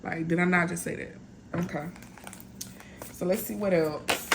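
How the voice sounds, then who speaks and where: Chatty woman reading tarot, low voice. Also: normal speed, gravelly, noisy background. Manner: chatty, blunt, lots of "y'all" and "like". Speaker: tarot reader.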